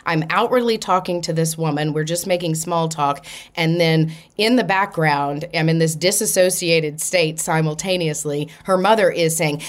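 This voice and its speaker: A woman hosting a spiritual podcast, telling a personal story in an earnest, animated way and acting out the dialogue. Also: fairly low pitch, normal speed. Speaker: podcast host.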